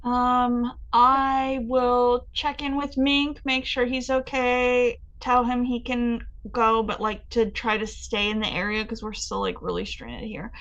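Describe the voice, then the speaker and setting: A woman's voice: a little high, little pitch movement, slow pace, hardly any pauses, a bit bright, highs cut off. A woman playing a tabletop game, chatting casually and hesitantly with many fillers. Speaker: player.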